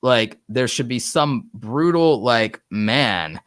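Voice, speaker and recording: A man hosting a live online show, talking excitedly in a rambling way and saying "like" a lot. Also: mid-range voice, takes it slowly, no echo, clean studio sound. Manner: excited, rambling, heavy use of "like". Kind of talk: casual livestream chat. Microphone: online streaming setup.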